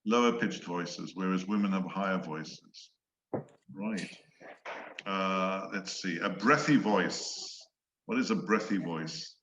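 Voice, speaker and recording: A man teaching English in an online one-on-one lesson, slow and patient, explaining words and acting out examples. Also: deep voice, fairly bright tone, a little hiss or hum. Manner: slow, patient, demonstrates voices. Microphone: video call. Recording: echoey, dull video-call audio.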